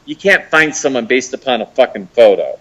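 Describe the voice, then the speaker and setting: A man's voice: medium pitch, a little fast, rough recording. An American man calling in to a show, ranting and mocking someone with lots of swearing. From United States. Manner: profane, mocking, animated ranting. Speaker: caller. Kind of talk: heated call-in rant.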